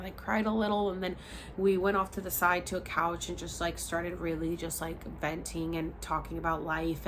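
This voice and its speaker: A woman's voice: fairly low pitch, slight background noise. A woman in her thirties casually telling a personal story, rambling with many fillers and sighs, sounding tired.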